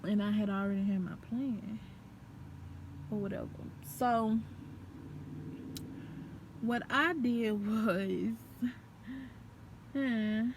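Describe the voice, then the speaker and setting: A woman's voice: mid-range voice, extremely slow, pauses often, background noise. A young woman telling a story in a casual, profane way, laughing as she goes.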